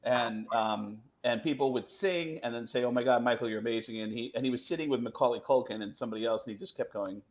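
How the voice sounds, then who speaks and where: Male comedian guest, animated storyteller, video call audio, mid-pitched voice. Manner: animated, quick vocal impressions in anecdotes. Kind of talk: casual storytelling chat.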